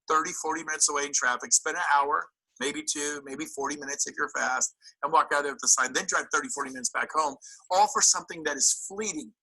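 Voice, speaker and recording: A man giving a motivational talk to real estate agents, acting out little exchanges and throwing in sudden incredulous jumps in tone. His voice is very bright and a bit husky. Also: a little high, low-quality recording. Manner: animated, incredulous, acts out quotes.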